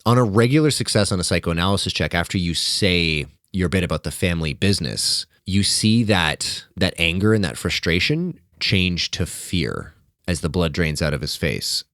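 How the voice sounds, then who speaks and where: A man narrating as game master of a tabletop horror game, relaxed and full of asides. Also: low-pitched, moderate pace, dry recording, clean studio sound.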